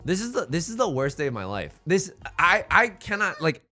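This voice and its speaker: Animated, bright-voiced male streamer. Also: on the high side, moderate pace, faint music behind. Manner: animated, playful and self-mocking. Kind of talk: casual live-stream gaming commentary.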